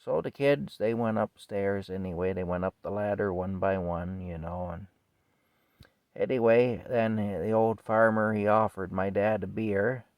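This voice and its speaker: Folksy rambling male storyteller, low voice. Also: a little slow, darkish tone, clear, resonant tone, no room sound. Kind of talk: casual family storytelling. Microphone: camera mic.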